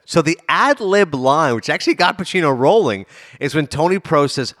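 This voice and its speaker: Animated man in casual sports chat. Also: on the high side, moderate pace, no echo, studio quality. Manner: animated storyteller, mimics lines. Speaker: podcast co-host.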